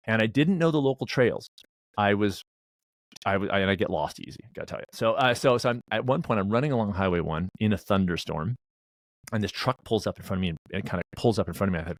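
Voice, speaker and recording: A man's voice: lowish voice, fast, creaky, dry recording. A middle-aged man in a casual interview, telling a rambling story and acting out bits of dialogue. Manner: rambling storyteller, acts out dialogue, many restarts. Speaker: wellness director and race director.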